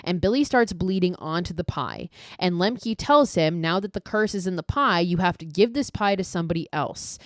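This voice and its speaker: A woman's voice: fairly low pitch, lively intonation, moderate pace, no echo, studio quality. A woman hosting a podcast, recapping a film in a chatty, casual way, swearing freely and saying "like" often. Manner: chatty, profane, heavy use of "like". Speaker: podcast host.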